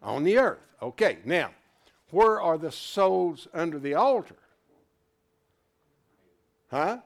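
A man's voice: fairly high pitch, sing-song, unhurried, creaky. A man teaching scripture to a class in a folksy, interactive sermon style, asking questions and joking along the way. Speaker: Bible study teacher.

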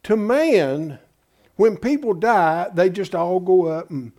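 A man's voice: high-pitched, slow, a little mellow. A pastor preaching in an emphatic, folksy way, asking his congregation rhetorical questions. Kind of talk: sermon.

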